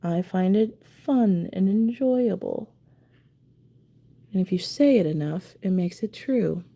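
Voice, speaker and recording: A woman talks slowly through a casual live stream while she paints her nails. Her voice is low, mellow and gravelly. She mutters to herself with self-deprecating asides as she concentrates. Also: expressive. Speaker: nail art streamer.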